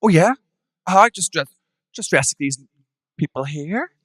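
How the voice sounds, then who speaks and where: Camp Northern Irish man, sharp wit. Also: on the high side, lively intonation, a little slow, long pauses, dry recording. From Northern Ireland. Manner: sharp, camp one-liners. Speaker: drag performer guest. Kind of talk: live podcast storytelling.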